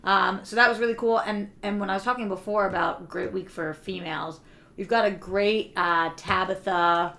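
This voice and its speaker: A woman co-hosting a casual podcast chat, talking fast with lots of fillers and bursts of excitement. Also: mid-range voice, vocal fry. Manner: chatty, filler-heavy, gushes with excitement. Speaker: guest co-host.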